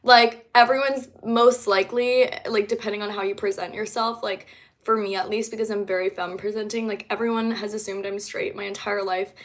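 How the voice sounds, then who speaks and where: A woman's voice: medium pitch, flat delivery, brisk. A young woman, a singer-songwriter, chatting casually on a livestream in a rambling way, with many fillers.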